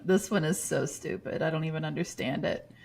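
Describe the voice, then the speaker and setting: A woman's voice: low-pitched, brisk, creaky, a little mellow. A woman co-hosting a podcast, chatting casually and reading listener comments aloud, amused and laughing often. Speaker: podcast co-host.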